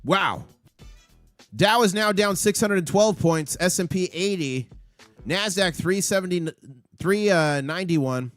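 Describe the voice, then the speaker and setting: Excitable man rattling off market prices. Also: high-pitched, unhurried, no echo, faint music behind. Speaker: livestream host. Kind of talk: live market commentary.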